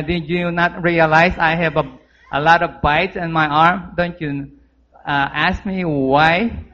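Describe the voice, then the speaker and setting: A man plays a young boy from a told story, earnest and full of pointed questions. The English is halting, and the voice sits a little high. The recording is dull and lo-fi. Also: fairly bright tone. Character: young boy telling of an alligator attack.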